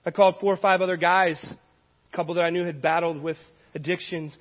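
High, husky-voiced man preaching. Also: steady tone, quick pace, long reverb tail, highs cut off. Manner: earnest storytelling, acting out dialogue. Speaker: pastor. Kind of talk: sermon.

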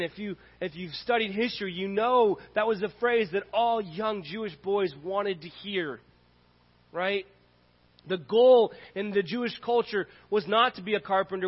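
A man preaching a sermon as pastor, earnest and repetitive in his cadence. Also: high-pitched. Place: church sanctuary. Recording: dull audio in a reverberant hall.

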